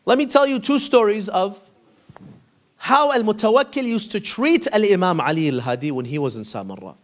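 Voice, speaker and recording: A man telling religious stories to a congregation, calling them brothers and sisters, reciting short Arabic quotes and dropping low and quiet on key lines. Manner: drops low and quiet on key lines, lifts high for questions. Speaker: speaker at an Islamic institute. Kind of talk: storytelling lecture to a congregation.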